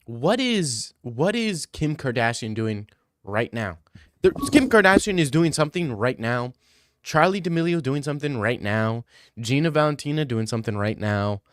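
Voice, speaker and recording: A man's voice: mid-range voice, expressive, normal speed, no echo. Young man, streamer, loose and profane, dry close sound. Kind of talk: casual stream chat.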